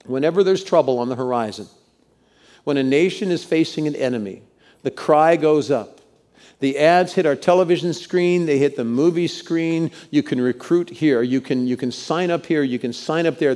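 A man's voice: fairly high pitch, moderate pace, a little mellow. A middle-aged male pastor preaching a sermon to his congregation, telling stories and leading them in call-outs. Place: church sanctuary with congregation.

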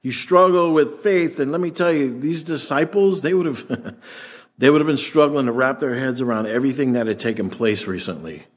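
A man preaching a sermon as pastor, conversational and animated, acting out the voices in the scripture he reads. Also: medium pitch, moderate pace.

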